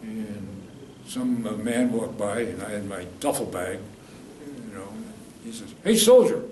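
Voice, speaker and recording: A man's voice: on the low side, unhurried, a little mellow. Man in his eighties, oral history storyteller, self-correcting, echoey room, faint background hiss. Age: 80s. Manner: rambling storyteller who corrects himself mid-sentence. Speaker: veteran interviewee. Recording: roomy, distant mic, faint noise.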